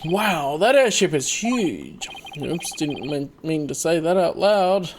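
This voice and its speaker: A woman's voice: deep voice, big pitch swings, takes it slowly, a little mellow, a little hiss or hum. A woman hosting a casual game playthrough, reading along and commenting in an amused way. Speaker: gaming host.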